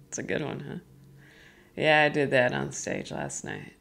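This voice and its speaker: A woman's voice: extremely low pitch, gravelly, fairly bright tone. A woman in her thirties, a comedian, chatting casually on a live stream in a rambling, self-deprecating, giggly way. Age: 30s.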